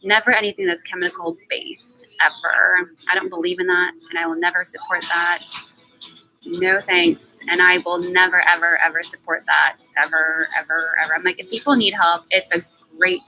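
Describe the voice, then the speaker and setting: A woman's voice: on the low side, little pitch movement, normal speed, bright, forceful tone, soft background music, low-quality recording. A woman in her twenties speaking in a candid personal monologue on a live stream, emphatic and blunt, swearing freely and repeating words for stress. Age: 20s.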